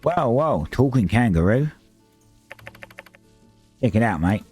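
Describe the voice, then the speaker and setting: A man's voice: medium pitch, sing-song, takes it slowly, a little mellow. A man voicing a brash male talking kangaroo in a put-on Australian accent, full of slang and mock-tough taunts, with music behind. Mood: taunting. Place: home streaming setup.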